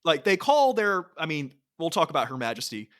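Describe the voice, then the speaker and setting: Excited man beatboxing song parts. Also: fairly high pitch, brisk. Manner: enthusiastic, sings and beatboxes parts of songs. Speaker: podcast co-host. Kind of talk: casual chat.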